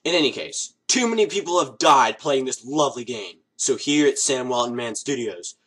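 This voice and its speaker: A man's voice: medium pitch, moderate pace, breathy edge. Sarcastic young male comedy vlogger. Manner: sarcastic, self-mocking deadpan. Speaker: comedy video host. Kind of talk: scripted comedic monologue.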